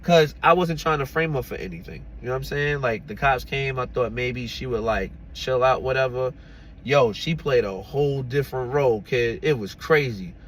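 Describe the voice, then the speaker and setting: A man recounting his own story to viewers in a loose, conversational way. He talks in a chatty, easygoing manner with frequent laughs, and keeps tagging his sentences with "you know what I'm saying". His voice sits at a medium pitch. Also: normal speed, slight background noise. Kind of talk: casual storytime.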